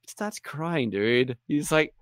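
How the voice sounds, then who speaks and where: A man in casual gaming chat, animated and swearing often, acting out little voices. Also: fairly high pitch, takes it slowly, no room sound, studio quality.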